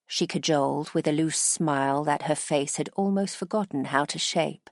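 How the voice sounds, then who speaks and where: Woman reading a dark fantasy audiobook, deep low voice, slow, dry close mic. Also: no echo. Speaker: audiobook narrator. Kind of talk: scripted narration.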